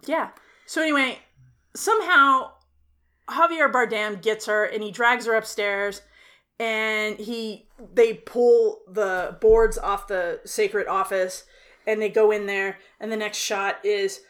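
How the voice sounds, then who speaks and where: A woman's voice: mid-range voice, takes it slowly. A woman co-hosting a casual podcast, retelling a film's plot with swearing and acted-out quotes. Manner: profane, animated storytelling with acted quotes. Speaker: podcast co-host. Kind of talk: casual chat, film rant.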